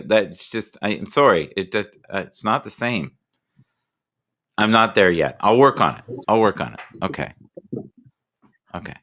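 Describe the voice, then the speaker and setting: A man's voice: lowish voice, animated, a little slow, pauses often, fairly bright tone, no room sound. A man hosting a casual live stream, joking and rambling playfully with his guests.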